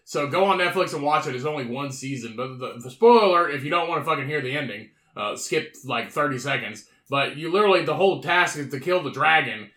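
A man's voice: a little high, fast talker, hardly any pauses. A man co-hosting a podcast in casual banter, crude and swearing often. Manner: crude, animated, swears a lot. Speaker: podcast co-host. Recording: echoey room.

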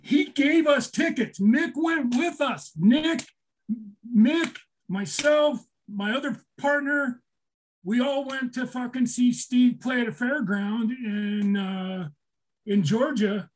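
A man's voice: extremely high pitch, takes it slowly. An older man telling a story in casual talk, swearing a lot, getting emotional and restarting his sentences. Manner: emotional, swears often, repeats himself. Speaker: storyteller guest.

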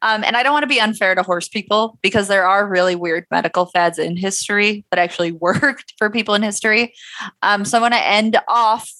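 A woman's voice: medium pitch, steady tone, a little fast, bright, forceful tone, no echo. A young woman co-hosting a podcast, playful and sarcastic, swearing casually as she presents a history topic. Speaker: podcast co-host.

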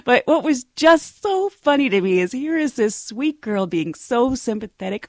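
A woman's voice: fairly high pitch, big pitch swings, moderate pace, few pauses, darkish tone, dry recording. A woman flight attendant spins a playful work story, her voice swooping up and down. She laughs often between her lines. The sound is close and dry, with no room around her. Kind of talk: casual anecdote.

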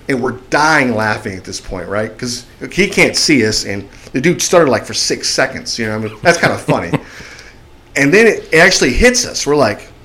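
A man telling a long story on a podcast in casual speech, acting out the voices of people in it. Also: medium pitch. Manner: animated, acts out shouting voices in his story.

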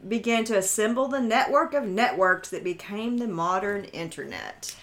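A woman's voice: medium pitch, moderate pace, fairly bright tone. A woman in casual chat, reading quiz questions from a book and laughing often. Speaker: host quizzing a friend.

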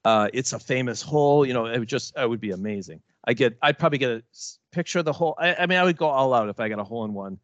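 A man's voice: medium pitch, animated, rapid-fire, hardly any pauses, fairly bright tone, no echo, dull audio. A man co-hosting a podcast, telling a long story in casual chat with many false starts and restarts. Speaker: podcast co-host.

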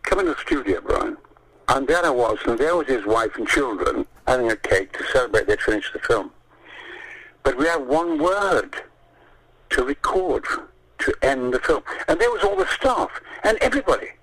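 An older man, gravelly and bright in tone. He tells show-business anecdotes with huge swings in pitch and swears freely. He acts out each character along the way. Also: very animated, moderate pace, rough recording. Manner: theatrical storyteller, swears often, acts out voices. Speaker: interview guest. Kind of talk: animated anecdote telling.

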